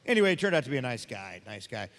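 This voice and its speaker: A man's voice: mid-range voice, very fast, gravelly. A man telling jokey stories and taking audience questions at a convention panel, acting out the voices in his stories. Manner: animated, joking storyteller who acts out quoted voices. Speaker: voice actor convention panel guest. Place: convention panel room on a stage. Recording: reverberant hall.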